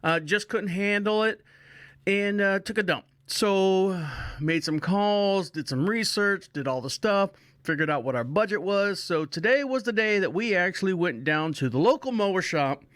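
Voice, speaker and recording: A man's voice: sits high, animated, normal speed, a bit bright, no echo, studio quality. A man hosting a podcast, telling a rambling casual story and often restarting his phrases. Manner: chatty, repeats himself, restarts phrases. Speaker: podcast host.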